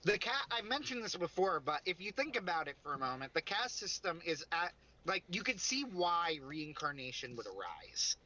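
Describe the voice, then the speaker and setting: A man's voice: on the high side, very animated, normal speed, bright, forceful tone, slight background noise, rough recording. A man co-hosting a casual livestream chat, rambling and interrupting himself, often breaking into laughs. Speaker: podcast co-host.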